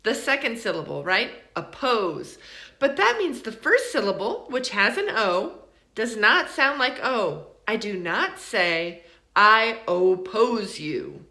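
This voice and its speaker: A woman teaching English pronunciation in an online lesson, encouraging and repeating words slowly to model them. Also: on the high side, big pitch swings, sharp tone, echoey room.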